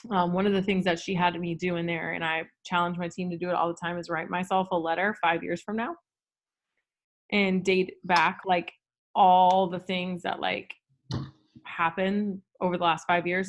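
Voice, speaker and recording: Woman, casual chat, video call, filler-heavy, lowish voice. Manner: chatty, lots of "like" and "um" fillers. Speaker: guest.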